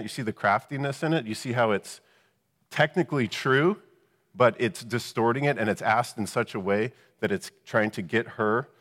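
A man's voice: fairly low pitch, fairly bright tone, big-room sound. A man preaching a Bible lesson, explaining verses and asking rhetorical questions. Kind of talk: Bible teaching.

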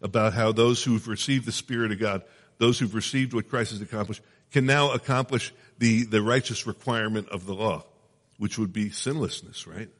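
A man's voice: lowish voice, fairly even intonation, normal speed, long reverb tail. A man preaching a sermon in a conversational teaching manner, often checking in with his listeners. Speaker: pastor.

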